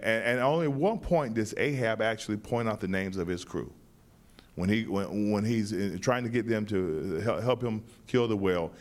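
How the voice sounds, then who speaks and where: A man with a lowish voice talks through his play in an interview. He starts sentences again and again and circles back before landing his point, thoughtful and unhurried. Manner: halting, many repeated starts, thoughtful. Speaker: playwright and director. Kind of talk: interview answers.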